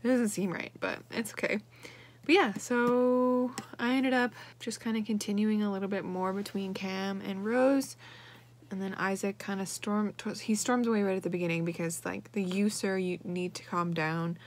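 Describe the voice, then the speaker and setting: A woman's voice: medium pitch, steady tone, normal speed. A young woman talking casually in a writing vlog, rambling with lots of fillers. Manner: chatty, rambling with many fillers. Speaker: vlogger.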